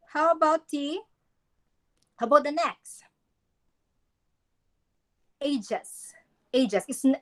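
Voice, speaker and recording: Woman, class teacher, somewhat high voice, instructive, models words by saying them twice. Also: fairly bright tone. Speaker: English teacher. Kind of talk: classroom lesson on poem reading and pronunciation.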